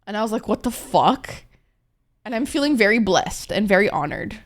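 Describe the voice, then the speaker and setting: A woman's voice: mid-range voice, lively intonation, quick pace. Profane, playful young woman streamer. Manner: profane, playful, rambling, breaks into laughter. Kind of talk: casual chat with stream viewers.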